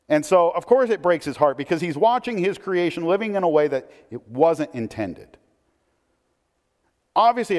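A man preaching a sermon in a conversational, animated way, with asides and questions to the listeners. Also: a little high. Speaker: pastor. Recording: long hall reverb.

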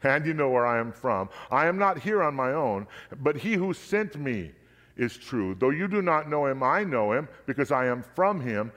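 A man voicing a calm, authoritative teacher in a scripture reading, measured and earnest. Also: mid-range voice, lightly acted. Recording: long hall reverb.

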